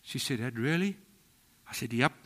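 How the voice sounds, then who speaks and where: A middle-aged South African man, a pastor preaching a sermon, telling stories in a voice that drops to a hush and then rises to loud exclaiming. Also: medium pitch, animated, normal speed. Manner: storytelling, swings from hushed to exclaiming.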